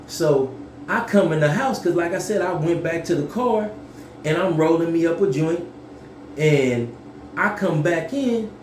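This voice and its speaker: Profane, animated male storyteller. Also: fairly high pitch, a little slow, roomy sound, slight background noise. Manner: profane, animated, yells when reenacting. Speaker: vlogger telling a story. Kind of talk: casual storytelling.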